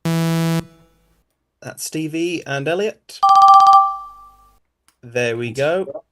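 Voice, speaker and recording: A man's voice: a little high, drawn-out words, faint music behind. A man hosting an online quiz show over a video call, chatty and teasing.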